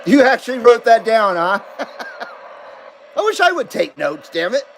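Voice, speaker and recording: A man's voice: extremely high pitch, very animated, moderate pace, slight background noise, low-quality recording. A man hosting a casual live-stream about CB radio, chatting loosely, laughing often and reading viewer comments aloud. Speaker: CB radio livestream host.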